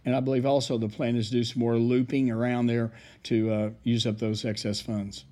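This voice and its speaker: Man, council report, mellow, halting delivery full of uhs. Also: medium pitch, flat delivery. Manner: rambling, hesitant, many fillers. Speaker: city official giving council report. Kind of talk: public meeting report.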